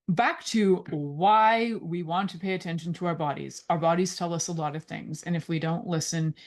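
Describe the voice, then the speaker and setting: Woman host, low voice, rambling casual talk, middle-aged. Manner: rambling, digressive, lots of fillers.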